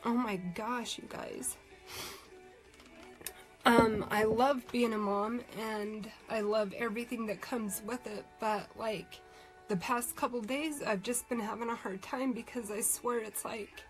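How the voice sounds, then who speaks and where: Mom crying on a live stream, slow rambly talk, kinda high voice. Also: female voice, steady tone, soft background music, low-quality recording. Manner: emotional, tearful, rambling with many fillers. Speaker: vlogger doing a live stream. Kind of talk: casual live-stream chat.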